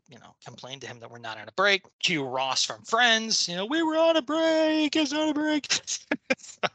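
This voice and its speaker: A man co-hosting a podcast, reading listener mail aloud in a casual, jokey way with quick asides. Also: fairly high pitch, sharp tone, no room sound. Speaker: podcast co-host.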